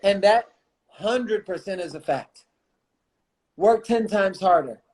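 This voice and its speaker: With a high-pitched, animated and slightly mellow voice, a coach and motivational speaker talks at a slow pace as a guest on a livestream. His conversation is impassioned and full of repeated phrases for emphasis, captured on a phone or computer mic.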